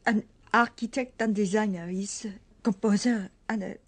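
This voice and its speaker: An actress playing a stern middle-aged ballet mistress with a put-on French accent and a clipped, theatrical delivery. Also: female voice, mid-range voice, steady tone, moderate pace, close to an everyday voice. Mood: solemn.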